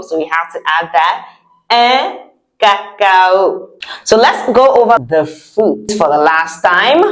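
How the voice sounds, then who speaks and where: A woman teaching French vocabulary, saying each word slowly and lifting her voice on the articles. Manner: slow drawn-out model words with high lifted articles. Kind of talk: repeat-after-me vocabulary lesson.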